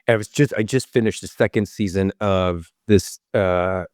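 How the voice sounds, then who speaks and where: A man's voice: low voice, normal speed, a little mellow, dry recording, clean studio sound. A man, an actor guest in an interview, telling his story in an enthusiastic, rambling way. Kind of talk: casual interview answers.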